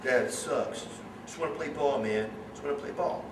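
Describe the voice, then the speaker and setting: A man voicing his glum teenage son, speaking low and flat. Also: moderate pace, close to an everyday voice. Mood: sulky. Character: glum teenage boy, fed up with sitting out. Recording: echoey room, distant mic, background noise.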